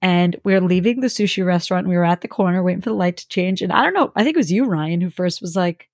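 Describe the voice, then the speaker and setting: A woman co-hosting a podcast with a somewhat low voice, telling stories in a relaxed, casual way. Her voice is recorded close and dry. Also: quick pace, no echo. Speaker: podcast co-host. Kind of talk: casual chat.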